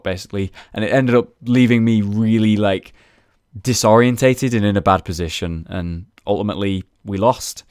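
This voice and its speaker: A young man talks through his match in casual, chatty commentary, swearing now and then. His voice sits low, and the recording is dry and close with no room sound. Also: no echo. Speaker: gaming video host.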